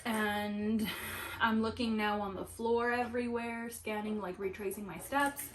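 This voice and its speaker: A young adult woman vlogging while she sews, telling a story in an animated way with lots of "like" fillers. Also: medium pitch, a little slow, background noise. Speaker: sewing vlogger. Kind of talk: casual chat while sewing. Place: at home at a sewing table.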